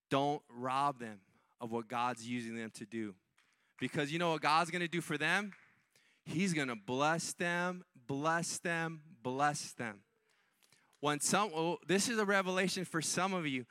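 High-voiced, bright preacher man. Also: clean tone, no room sound, studio quality. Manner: repetitive call-and-response preaching, rises to impassioned peaks. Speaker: pastor. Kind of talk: sermon.

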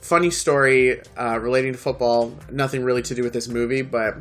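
A young man co-hosting a casual podcast chat, animated and profane as he retells scenes. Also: medium pitch, fairly quick, faint music behind. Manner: animated, swearing, acts out scenes. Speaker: podcast co-host.

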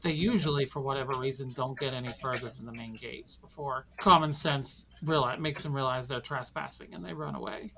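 A woman running a tabletop game as narrator, describing scenes in an eerie, unhurried way. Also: very deep voice, steady tone, vocal fry, crowd noise. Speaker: game master.

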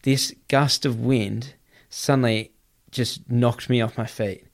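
A man's voice: medium pitch, steady tone. A man telling a wild story in casual chat, swearing often and running his sentences together. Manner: swears freely, quick run-on telling. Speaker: guest.

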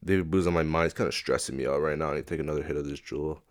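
A man's voice: a bass voice, fairly even intonation, rapid-fire. A young man hosting a casual solo podcast, rambling and swearing freely in a laid-back way. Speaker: podcast host.

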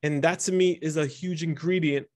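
A man in his thirties with a fairly high voice tells personal stories to a group. He talks openly and with feeling, and he acts out the moments as he tells them. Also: normal speed. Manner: candid, vulnerable, animated storytelling. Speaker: speaker teaching instructors. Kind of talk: personal storytelling talk.

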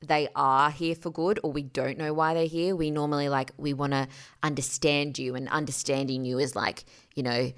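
A woman's voice: low-pitched, little pitch movement, moderate pace, clear, resonant tone. A woman co-hosting a podcast, chatting casually with playful, wry jokes. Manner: joking, playful, wry asides. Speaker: podcast co-host. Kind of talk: casual chat.

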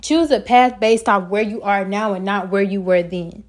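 A woman's voice: medium pitch, steady tone, moderate pace. A woman hosting her own podcast, giving an earnest, encouraging self-help talk and sometimes stumbling over her words. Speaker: podcast host.

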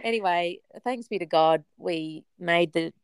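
A woman in her forties telling a personal story in a casual chat, animated and dramatic, often laughing. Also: lowish voice, unhurried, clear, resonant tone, no room sound.

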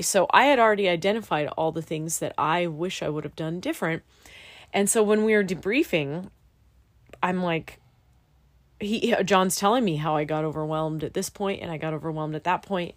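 A woman's voice: on the low side, normal speed, no room sound. Candid young woman telling a flying story. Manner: candid, animated storytelling with swearing. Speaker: student pilot. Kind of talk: casual podcast chat.

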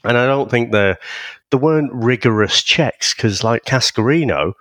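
A man's voice: mid-range voice, animated, moderate pace, a bit bright, no echo, clean studio sound. A man chatting easily and laughing on a film podcast. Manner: easygoing, laughs often, swears casually. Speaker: podcast co-host. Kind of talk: casual film podcast chat.

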